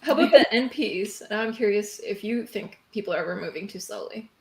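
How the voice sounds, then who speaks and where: A woman's voice: mid-range voice, a little fast, vocal fry, a little mellow, slight background noise, rough recording. A woman hosting a live panel chat, asking curious questions of her guests. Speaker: host.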